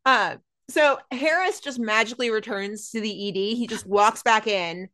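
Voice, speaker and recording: A woman's voice: a little high, normal speed. A woman co-hosting a podcast in a loose, casual chat. She recaps a TV episode and keeps dropping into the characters' lines as she retells it. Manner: chatty, lively, retells scenes with quoted lines. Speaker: podcast co-host.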